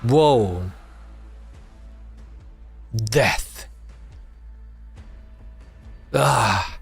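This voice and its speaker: A man's voice: medium pitch, unhurried, long pauses, faint music behind. A man reading a game's story aloud on stream, breaking off for startled, swearing asides.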